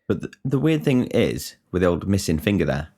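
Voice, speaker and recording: Very deep-voiced sweary man rambling. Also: big pitch swings, fairly quick, dark tone. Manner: rambling, sweary, restarts often. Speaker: podcast host. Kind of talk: casual solo podcast monologue.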